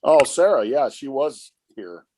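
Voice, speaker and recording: A man's voice: medium pitch, sing-song, a little slow, darkish tone. A man joining an online astronomy session with dry, teasing jokes. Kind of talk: casual online chat. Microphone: online call mic.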